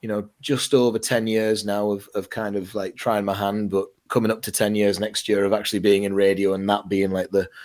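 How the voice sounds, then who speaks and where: Male radio presenter, guest on a fan podcast, lively anecdotes. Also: fairly low pitch, fairly quick, few pauses. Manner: animated storyteller, mimics voices in anecdotes. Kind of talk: casual podcast chat.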